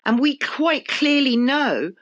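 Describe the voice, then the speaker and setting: A woman's voice: high-pitched, big pitch swings, slow pace, a bit bright, dry recording, muffled recording. A woman, a podcast guest speaking indignantly and firing off rhetorical questions. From United Kingdom. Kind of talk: casual discussion.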